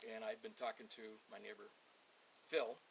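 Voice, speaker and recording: A man's voice: lowish voice, flat delivery, moderate pace, creaky. An older man telling a long, meandering story to a deputy outdoors, swearing freely as he goes. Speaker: resident being questioned. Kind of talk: rambling account to a deputy. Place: outdoors in a yard. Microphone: officer's body camera. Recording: hissy body camera audio.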